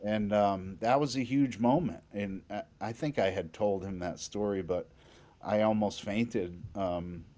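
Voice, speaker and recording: Excitable, story-telling bass musician, a man. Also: measured pace. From New England. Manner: animated, excitable, frequent restarts. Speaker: bassist guest. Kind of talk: storytelling in a podcast interview.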